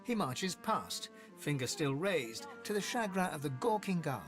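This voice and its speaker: A man doing a hushed, lilting game narrator. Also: on the high side, very animated, over music, pitched above the performer's own voice. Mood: wry. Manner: soft, quiet, measured reading.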